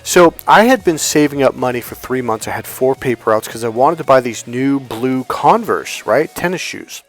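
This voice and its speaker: A man's voice: mid-range voice, lively intonation, moderate pace, faint music behind. A man giving a blunt, profane coaching talk on dating and relationships, telling stories and acting out the voices in them. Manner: blunt, profane, storytelling with acted-out quotes. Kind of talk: motivational coaching monologue.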